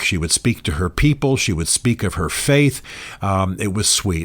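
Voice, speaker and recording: Man, lowish voice, earnest, reflective monologue, repeats phrases for weight. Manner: earnest, measured, repeats key phrases with emphasis. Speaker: author and commentator. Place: office.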